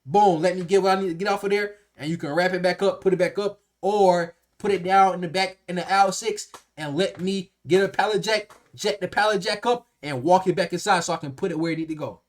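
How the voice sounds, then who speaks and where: A young man casually telling a workplace story to camera, animated and slangy, acting out the people in it. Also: high-pitched, brisk, hardly any pauses. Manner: animated, slangy and profane, acts out quotes.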